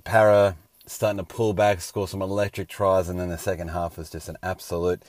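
A man's voice: sits low, little pitch movement, fairly quick, darkish tone, no echo, studio quality. A man hosting a casual sports round-up, a little scratchy and hungover, with wry joking asides. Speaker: host.

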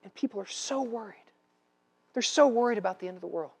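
Animated preaching man, loud then hushed. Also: high voice, fast talker, creaky, breathy edge. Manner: animated preaching, swinging from loud declarations to quiet asides, with humor. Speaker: pastor. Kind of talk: sermon.

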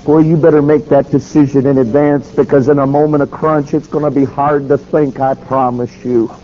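A man's voice: mid-range voice, little pitch movement, moderate pace. A man preaching a sermon, telling a story dramatically and acting out the dialogue. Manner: dramatic, acts out quoted dialogue. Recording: dull lo-fi recording with faint noise.

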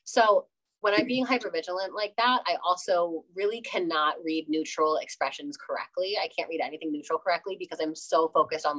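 Animated young woman, casual interview guest. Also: deep voice, normal speed, poor audio. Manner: animated, laughs often, acts out quoted exchanges.

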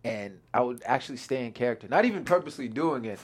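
A young man chatting as a guest actor in an interview, excitable, laughing often and acting out his own quotes. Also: mid-range voice, fast talker, husky. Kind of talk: casual interview chat.

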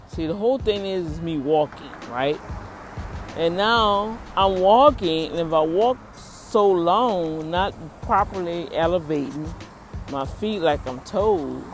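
A woman casually telling viewers a personal story, animated, talking straight to the camera outdoors. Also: on the low side. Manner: animated, acts out the people in her story, talks to the camera.

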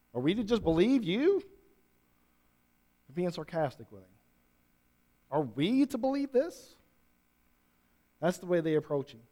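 A man preaching a sermon to a congregation, moving from quiet reflection to loud, emphatic peaks. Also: fairly high pitch. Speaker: pastor. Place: church room with congregation.

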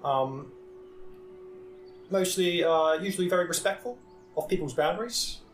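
Guy player, kinda high voice, lots of uhs, roomy echo on his mic. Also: faint music behind. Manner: halting, lots of fillers. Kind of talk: casual chat. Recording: echoey room.

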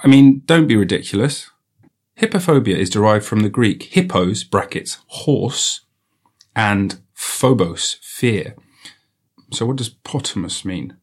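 A man with a lowish, husky voice hosts a comedy podcast into a studio microphone, riffing playfully and repeating bits in silly voices.

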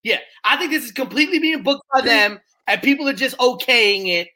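A man co-hosting a wrestling talk show, talking in halting runs with repeated words and fillers. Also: extremely high pitch, animated, bright, forceful tone. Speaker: podcast co-host.

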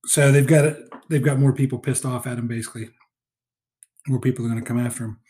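This man's casual film talk moves fast, a loose recap packed with fillers and false starts. His voice sits mid-range for a man and has the easygoing feel of a podcast co-host talking with a buddy.

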